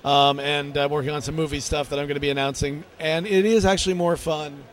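A man answers questions at a busy convention booth, wry and self-deprecating. His voice sits slightly high. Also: fairly even intonation, a little fast. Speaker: interviewed guest writer.

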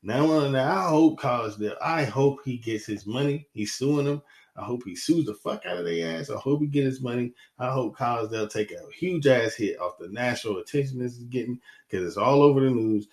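A man's voice: medium pitch, a little fast. A man hosting his own podcast, ranting in a heated, profane, rambling way. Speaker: podcast host. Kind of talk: casual solo podcast monologue.

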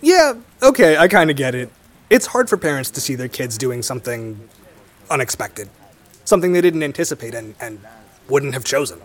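A man's voice: mid-range voice, sing-song, moderate pace. A young man speaking in reflective conversation, thoughtful and a little hesitant. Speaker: storyteller guest.

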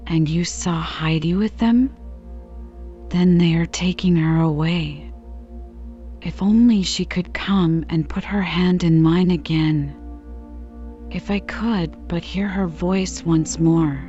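A woman reading the part of a frail, humble old grandmother in a soft, sighing voice. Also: on the low side, takes it slowly, faint music behind. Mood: sorrowful. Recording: slightly dull lo-fi recording.

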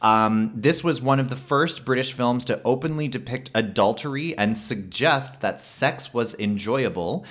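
A man of middle pitch talking casually on a film podcast. He chats loosely, laughs often and pauses with fillers. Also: a bit bright. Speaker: podcast co-host.

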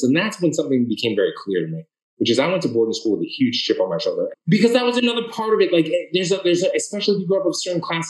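A man from the Boston area answers an interviewer in an earnest, animated way, often restarting his sentences. His voice sits at an ordinary middle pitch. The recording has a noticeably roomy echo around him. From Boston area, Massachusetts. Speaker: author guest.

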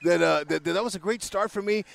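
An older man in his sixties spins animated baseball stories as a radio guest. He talks in loose slang, acts out the voices in his tales and tumbles over repeated words. His voice sits a little higher than most men's. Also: fast, creaky. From Fresno, California. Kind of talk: animated anecdote-telling.

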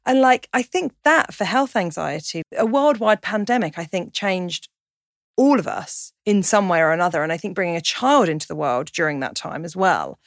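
Female comic, 30s, lowish, jokey and open, dry studio sound. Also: animated, moderate pace, no echo. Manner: chatty, self-deprecating, jokey asides. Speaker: comedian guest. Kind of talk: candid conversational chat.

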